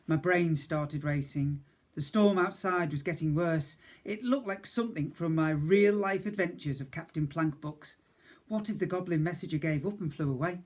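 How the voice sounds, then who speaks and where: A man, a teacher, reading a storybook aloud to young children, stopping to ask questions and explain words. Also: fairly high pitch.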